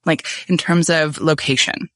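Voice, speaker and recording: A woman's voice: low-pitched, fairly even intonation, unhurried, a bit bright, no room sound, clean studio sound. A woman hosting a podcast interview, chatty and casual, with many "like" fillers. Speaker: podcast host.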